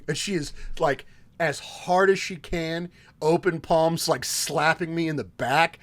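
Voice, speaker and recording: A man's voice: on the high side, a little slow. A man in his thirties, co-hosting a podcast, telling stories animatedly and laughing often as he talks. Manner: animated storyteller, laughs often mid-sentence. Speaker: podcast co-host. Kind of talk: casual podcast chat.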